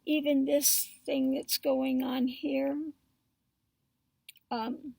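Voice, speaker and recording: A woman tarot reader talking casually and spiritually to her viewers, slow and halting with many pauses and fillers. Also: high voice, level tone, gravelly, dark tone, no room sound, distant mic. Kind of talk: casual spiritual talk to camera.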